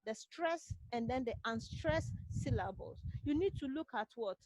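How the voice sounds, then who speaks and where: Ghanaian woman literature teacher, high voice, repetitive call-and-answer lecturing. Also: animated, normal speed, darkish tone, dry recording, low-quality recording. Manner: asks rhetorical "what?" questions and answers them herself; repetitive, drilling key points. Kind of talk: online class lecture. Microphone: computer mic on a video call.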